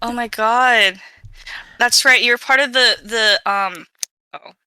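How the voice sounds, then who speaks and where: A woman's voice: fairly high pitch, slow, bright, forceful tone, clean tone, no room sound, poor audio. A woman co-hosting a podcast in casual chat, rambling and outgoing, with lots of fillers and restarts. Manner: outgoing and chatty. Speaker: podcast co-host.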